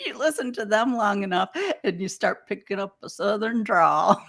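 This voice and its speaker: Slow, gravelly Detroit woman. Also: medium pitch, a bit bright. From Detroit, United States. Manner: laughs often, playful banter. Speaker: spiritual teacher, co-host. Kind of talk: casual chat.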